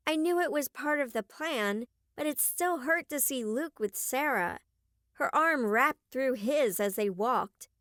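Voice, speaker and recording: A woman with a high voice narrates a first-person young adult novel for an audiobook. Her delivery is clear and expressive, recorded dry on a close mic.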